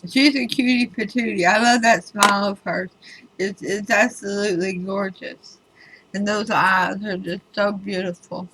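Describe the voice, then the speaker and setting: A woman's voice: mid-range voice, fairly even intonation, measured pace, a bit bright, slight background noise, low-quality recording. A woman tarot reader talking casually to her viewers, chatty and emphatic with wry asides. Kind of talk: casual spoken tarot reading video.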